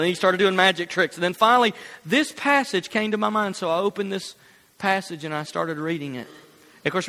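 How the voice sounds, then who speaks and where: A man preaching a sermon, telling a personal story in an animated way and laughing at his own jokes. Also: high voice, in a large hall.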